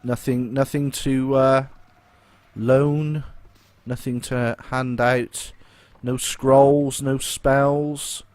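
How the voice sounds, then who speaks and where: A man's voice: medium pitch, level tone, drawn-out words, darkish tone, no echo. A man giving casual commentary on a game and reading its dialogue aloud. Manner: chatty, reads game dialogue aloud in a light playful tone. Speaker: let's play host.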